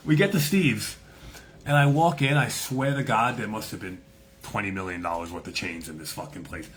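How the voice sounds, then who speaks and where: A man's voice: lowish voice, normal speed. A man hosting a casual chat, telling a story in a profane, swaggering way and acting out the people in it. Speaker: host.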